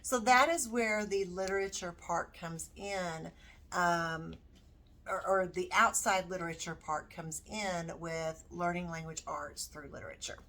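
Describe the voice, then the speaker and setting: A woman with a slightly low voice walks through her homeschool curriculum at a slow, easy pace. She thinks aloud as she goes, filling pauses with ums and you-knows. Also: steady tone, pushed and bright. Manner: unhurried, thinking aloud with many fillers. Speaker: homeschooling parent. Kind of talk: casual curriculum walkthrough.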